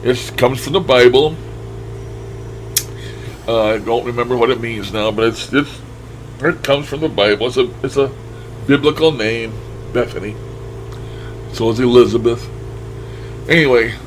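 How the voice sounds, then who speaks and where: With long pauses and a moderate pace, an older man hosting a paranormal radio session comments casually over recordings he plays back. He muses aloud and chuckles as his words trail off, his medium-pitched voice heard through poor audio with a little hiss or hum.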